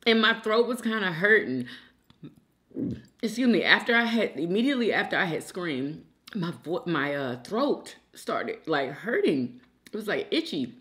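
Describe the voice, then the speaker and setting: A woman's voice: lowish voice, very animated, normal speed, a bit bright. A young adult woman hosting a mukbang, chatting casually to her viewers while she eats and calling them y'all. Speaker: mukbang host. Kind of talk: casual chat while eating.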